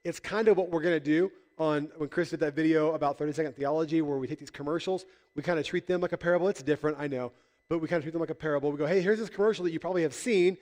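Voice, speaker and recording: A man's voice: fairly high pitch, fairly even intonation, very fast, darkish tone, in a large hall. A man preaching a casual sermon as pastor, conversational and joking, acting out voices in the stories he tells. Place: church hall.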